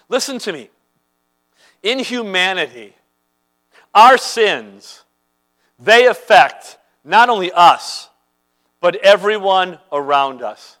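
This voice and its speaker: A man's voice: high voice, lively intonation, takes it slowly, pauses often, fairly bright tone, poor audio. A man preaching a sermon as a pastor, earnest and conversational, telling everyday stories to make his point.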